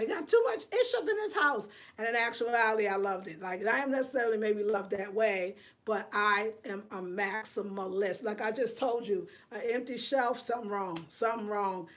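Middle-aged woman, slightly high voice; casual chatty livestream host at home. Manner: chatty, greets viewers by name. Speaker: home decor vlogger hosting a live chat. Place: home living room.

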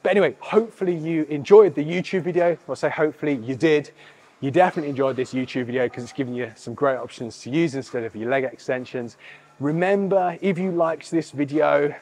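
A man's voice: on the high side, brisk, a little mellow. A man with a British accent demonstrating leg exercises as a fitness coach, talking casually with many fillers and repeated coaching cues, a little out of breath.

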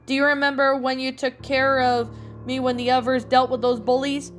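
A woman voicing an ashamed, gentle young male puppy in a fan fiction reading, with a soft, earnest delivery. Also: high-pitched, flat delivery, moderate pace, faint music behind, lightly acted.

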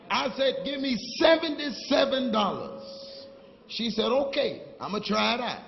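A man preaching a sermon, telling stories and building to shouted call-and-response with the congregation. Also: very high voice, animated, unhurried, vocal fry, some chatter behind, slight background noise. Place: church sanctuary. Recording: dull, long-reverb church hall recording.

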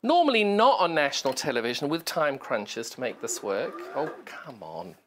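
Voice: mid-range voice, huge pitch swings, moderate pace, a bit bright, slight background noise. A presenter doing a live TV sewing demonstration, chatty and self-deprecating, explaining step by step while working and talking to the sewing machine. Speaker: shopping channel sewing presenter.

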